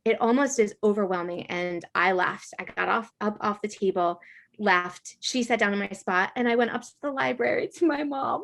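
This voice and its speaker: A middle-aged woman, a podcast guest, telling a school story in a casual, animated way, with lots of filler words. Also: mid-range voice, moderate pace, creaky.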